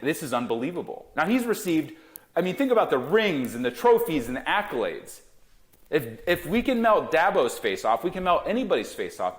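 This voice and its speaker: A middle-aged man in an interview, talking emphatically about business, with punchy lines and quick acted-out quotes. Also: mid-range voice. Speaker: guest, gifting company founder. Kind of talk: animated business interview talk.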